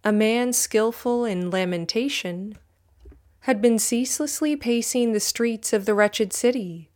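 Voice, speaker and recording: A woman reading a religious history text aloud in a measured, solemn way, speaking the footnote citations too. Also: on the high side, a little mellow. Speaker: audiobook reader.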